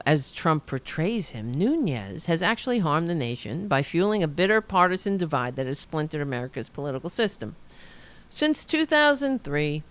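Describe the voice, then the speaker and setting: A woman hosting a political talk show, reading a news article aloud and breaking off into sarcastic asides. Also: smooth. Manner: sarcastic asides while reading, lively pitch. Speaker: political podcast host.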